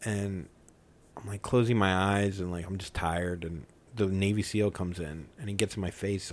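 A man's voice: low-pitched, fairly even intonation, moderate pace. A man in his forties telling a long story in loose, profane, rambling podcast chat.

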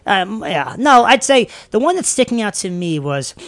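A man, a comedian guest telling stories in a casual interview, animated and laughing often. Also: high voice, moderate pace. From Long Island, New York. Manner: animated storytelling, laughs often, many fillers and restarts. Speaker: podcast guest, stand-up comedian.

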